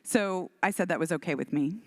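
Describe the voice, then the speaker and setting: Animated woman with a soft lilt. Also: on the low side, fairly quick, no room sound. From Texas, Houston. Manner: animated, self-deprecating, acts out quoted voices. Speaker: keynote speaker, author. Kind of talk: storytelling keynote talk.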